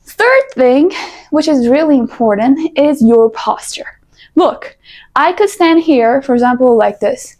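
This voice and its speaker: Young female vlogger, high pitch, lively advice-giving talk with playful asides. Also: unhurried. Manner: animated, coaching, playful asides. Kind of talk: casual advice talk to camera.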